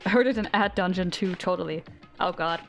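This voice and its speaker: A woman's voice: fairly low pitch, fairly quick, faint music behind. A young woman streamer chatting casually with her audience, giggling and rambling in a self-deprecating way. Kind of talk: casual live-stream chat.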